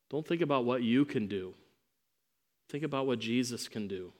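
A male preacher delivering a sermon in an emphatic style. His mid-range voice swings from ringing proclamation down to hushed asides. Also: medium pitch, lively intonation, normal speed, pauses often.

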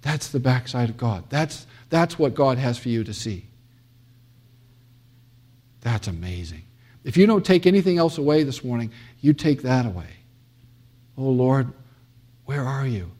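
A man's voice: mid-range voice, sing-song, moderate pace, pauses often, a little mellow, breathy edge. A middle-aged man from the United States giving a classroom theology lecture, emphatic, with many fillers and restarts and dramatic quoting.

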